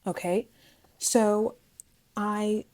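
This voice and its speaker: A woman's voice: mid-range voice, extremely slow, rough recording. Chatty young woman telling a dramatic story. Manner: chatty, animated, dramatic asides, addresses viewers as guys. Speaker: vlogger. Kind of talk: casual storytime.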